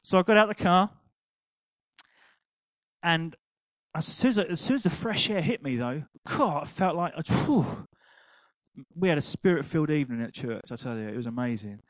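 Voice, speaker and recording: A man's voice: a little high, normal speed, dry recording, low-quality recording. Older man preaching, dry close sound. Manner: animated storytelling, laughing at his own anecdote. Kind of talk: sermon.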